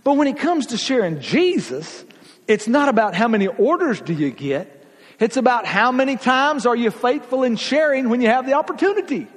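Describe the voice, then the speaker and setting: Male pastor, high husky voice, lively folksy preaching, church hall reverb. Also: normal speed. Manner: folksy, emphatic preaching with big swings in pitch and loudness. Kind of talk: sermon.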